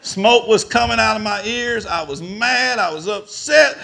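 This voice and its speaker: A man preaching a storytelling sermon, animated and rising to shouts at the peaks. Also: high-pitched, normal speed, creaky.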